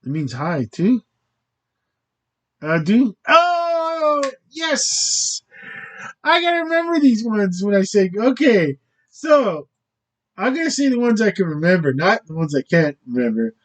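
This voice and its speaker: High-voiced, slow-talking man rambling. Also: sing-song, poor audio. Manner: hesitant, self-interrupting, fumbling foreign words. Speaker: channel host. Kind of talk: rambling casual monologue.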